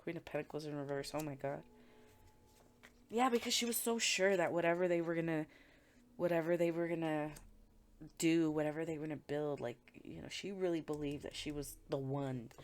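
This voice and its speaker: A woman's voice: sits low, a little fast, slight background noise. A woman giving a casual tarot reading, talking bluntly and with plenty of swearing and filler words. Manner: chatty, blunt and profane, with frequent filler words. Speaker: tarot reader.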